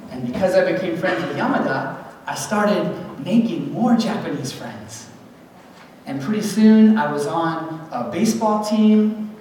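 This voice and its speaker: A man at a church hall event tells a personal testimony at a measured pace, lively and animated, voicing other people along the way. His voice sits a little high, and the distant recording in the big hall carries long reverb over steady room noise.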